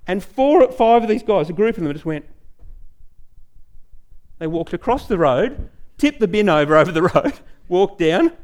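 A middle-aged man, preaching a sermon in a church and telling personal stories with growing excitement. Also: sits high, normal speed. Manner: storytelling, animated, rising excitement. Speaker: pastor.

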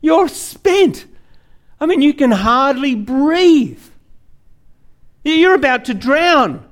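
A male preacher voicing a calm rescuer man who asks gentle, reassuring questions. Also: very high voice, very slow, voice pushed up, full character voice. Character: calm smiling rescuer man, soaking wet.

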